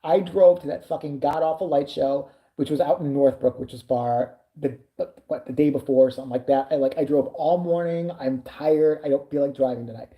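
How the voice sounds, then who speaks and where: A woman's voice: deep voice, steady tone, fairly quick, hardly any pauses, lo-fi sound. A woman vlogger telling a casual story with plenty of swearing, exasperated and acting out what people said. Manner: profane, exasperated, acts out quoted dialogue.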